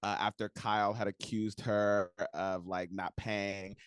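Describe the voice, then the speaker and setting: A man from Texas hosting a podcast, chatty and agreeable, with quick interjections. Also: fairly low pitch, flat delivery, clean tone, no echo, studio quality. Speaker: podcast host. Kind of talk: casual interview chat.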